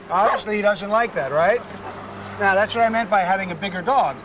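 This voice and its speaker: A man's voice: brisk, background noise. A man working as a dog trainer, explaining a temperament test to a couple in a casual, talkative way. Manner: chatty, explanatory, goes high and sing-song coaxing the dog. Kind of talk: on-location dog training demo.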